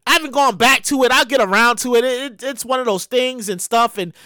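A woman hosting her own show, giving animated, profane comedic commentary on news stories and repeating her words as she riffs. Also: fairly high pitch, fairly quick, no room sound, studio quality. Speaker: podcast host.

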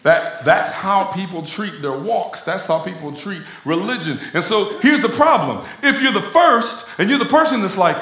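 Lively, bright-voiced male preacher. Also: high-pitched, moderate pace, hardly any pauses, roomy sound. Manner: animated conversational preaching, addresses crowd as y'all. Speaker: pastor. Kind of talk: sermon.

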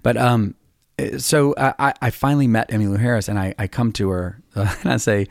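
A man's voice: lowish voice, fairly even intonation, fairly quick, no echo, clean studio sound. A man in his fifties, a songwriter hosting a podcast, telling long rambling stories in a casual, self-deprecating way. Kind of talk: casual storytelling chat.

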